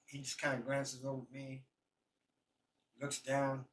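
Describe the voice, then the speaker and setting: A man telling prison stories in a rambling, halting way, full of fillers and restarts. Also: medium pitch, monotone, recorded from a distance, poor audio. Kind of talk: casual storytelling.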